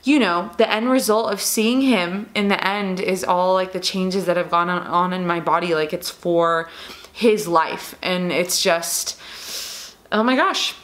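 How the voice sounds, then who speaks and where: A woman's voice: lowish voice, fairly even intonation, a little slow, fairly bright tone. Young pregnant woman, casual vlog Q&A, emotional, fillers and restarts. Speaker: vlogger.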